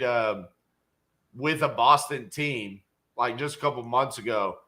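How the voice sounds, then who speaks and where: A middle-aged man with a medium-pitched, bright, forceful voice co-hosts a casual livestream, reading viewer comments and greeting people. A real estate investor, he jokes and tells stories in a folksy way.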